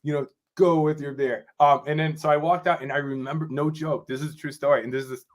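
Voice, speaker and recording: A man from Rochester, New York, a drummer guesting on a podcast, telling a story in a rambling, animated way and often asking "you know what I'm saying". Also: medium pitch. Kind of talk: casual storytelling interview.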